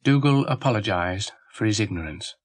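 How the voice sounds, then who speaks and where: A man narrating a children's story in a wry, gently amused way. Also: fairly low pitch, animated, normal speed, no room sound.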